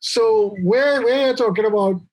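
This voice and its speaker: A man's voice: high-pitched, a little slow, darkish tone, a little hiss or hum, poor audio. A man hosting a casual podcast over a video call, rambling and restarting his sentences. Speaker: podcast host. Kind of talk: casual chat.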